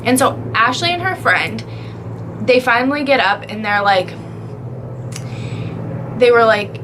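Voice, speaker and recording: A young woman vlogger telling a storytime in a chatty, animated way, with lots of "like". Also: on the high side, a little slow, pauses often, noisy background. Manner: chatty, heavy use of "like", animated retelling. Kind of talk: casual storytime.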